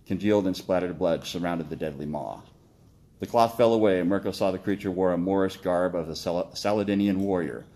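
Low-pitched guy reading his own story, steady, corrects himself now and then. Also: brisk. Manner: steady reading with occasional slips and self-corrections.

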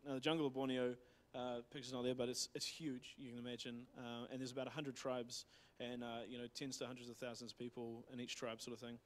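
A man with a New Zealand accent retelling a missionary's story in a church talk, rambling with many fillers and restarts. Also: mid-range voice. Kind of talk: casual sermon storytelling.

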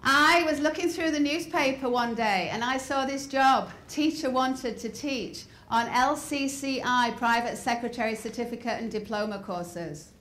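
High-voiced English woman telling a lively story. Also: moderate pace, few pauses. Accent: softened English accent. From north of England. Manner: lively, humorous, asks the audience questions. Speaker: speaker. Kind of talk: motivational storytelling talk. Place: large hall before an audience. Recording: roomy hall with faint crowd ambience.

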